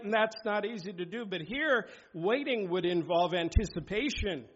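A man's voice: a little high, animated, moderate pace, few pauses. Male preacher, sermon delivery, emphatic, dull lo-fi sound. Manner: emphatic, exhorting, reads scripture aloud. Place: church sanctuary.

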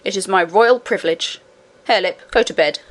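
A woman's voice: medium pitch, a little fast, lightly acted. A woman voicing a stubborn, bossy goblin queen who speaks sulkily and domineeringly. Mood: triumphant. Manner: sulky, domineering.

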